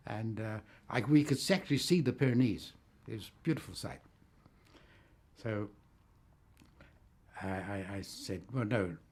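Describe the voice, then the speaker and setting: A man's voice: fairly low pitch, darkish tone, slightly rough. An older man recalls his wartime escape in an oral history, rambling through the story with fillers and small chuckles. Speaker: war veteran recounting his escape.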